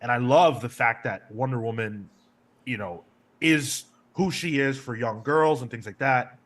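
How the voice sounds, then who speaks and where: A man's voice: mid-range voice, a little slow, fairly bright tone. A man hosting a casual comics podcast, joking and reading out listener comments. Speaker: podcast host. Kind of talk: casual chat.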